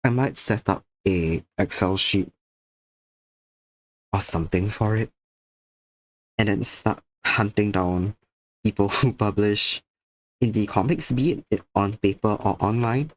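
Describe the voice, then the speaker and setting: The art streamer, tired and a little sick, talks to viewers in a fairly low voice at a measured pace, pausing often. Drowsiness makes him slur slightly as he chats casually while drawing.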